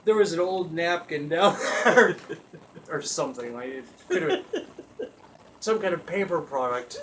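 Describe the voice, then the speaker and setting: A man hosting a talk show, telling a comic story in an animated way, often laughing as he talks and swearing freely. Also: sits high, slight background noise. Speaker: podcast host. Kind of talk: comedic storytelling.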